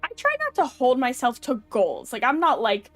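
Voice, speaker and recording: Young woman streamer rambling and giggling, kinda high voice, dry close mic, soft music behind. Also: huge pitch swings, moderate pace, no room sound. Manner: rambling, filler-heavy, giggly. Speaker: VTuber streamer. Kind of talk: casual live-stream chat.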